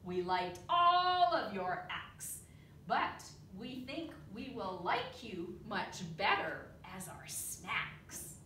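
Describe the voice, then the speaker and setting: A sly, hungry spider judge from a storybook hisses his lines in a lowered, sinister voice, as a woman reading aloud puts him on. It has a slow, drawn-out delivery. The sound is echoey, as if caught from across a classroom. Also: sing-song, pushed and bright, distant mic, heavily acted. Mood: menacing. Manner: hissing, lowered storybook villain voice. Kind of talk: reading a picture book aloud.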